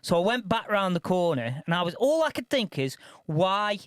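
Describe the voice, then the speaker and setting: A high-pitched man holds forth on a podcast, swearing freely and stumbling over repeated words as the story tumbles out. The recording is close and dry, with no room sound at all. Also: normal speed, no echo. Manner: sweary, animated, repeats himself. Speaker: podcast co-host. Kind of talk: casual storytelling chat.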